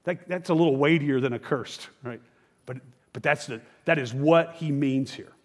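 A man's voice: medium pitch, moderate pace, big-room sound. A man preaching a sermon as pastor, talking in a conversational, emphatic way and often checking in with his listeners.

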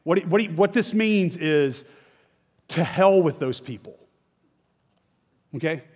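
A man's voice: fairly high pitch, animated, takes it slowly, a little mellow, in a large hall. A man preaching a sermon as pastor, talking in a conversational, emphatic way and often checking in with his listeners.

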